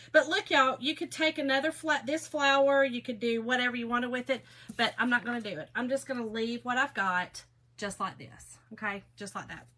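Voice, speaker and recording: A woman's voice: high voice, bright, forceful tone, poor audio. A middle-aged woman, hosting a casual craft livestream in a folksy, chatty way and greeting viewers by name.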